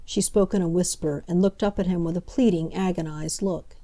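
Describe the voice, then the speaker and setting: A woman with a fairly low voice reads a classic novel as an audiobook. Her delivery is measured and steady.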